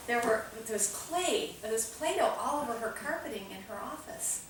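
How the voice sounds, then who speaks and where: A woman leading a small parenting group in a meeting room teaches by telling anecdotes and acting out the voices in them. Her voice is on the high side and expressive at a normal speed. The roomy, distant recording is noisy, with crowd sound.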